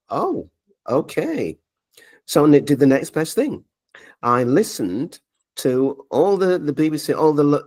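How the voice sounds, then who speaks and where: A man, a media coach telling his story in an interview and acting out the dialogue. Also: medium pitch. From Leeds, England. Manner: animated storyteller, acts out quoted dialogue.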